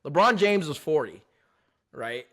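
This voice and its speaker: A man's voice: a little high, sing-song, a little slow, a bit bright. A man talking as a podcast guest in a casual, joking and upbeat chat.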